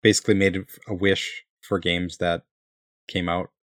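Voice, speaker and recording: A man's voice: sits low, little pitch movement, measured pace, a bit bright, no room sound, clean studio sound. A man co-hosting a casual chat show, laughing often and reading listener letters aloud. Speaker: podcast co-host reading letters.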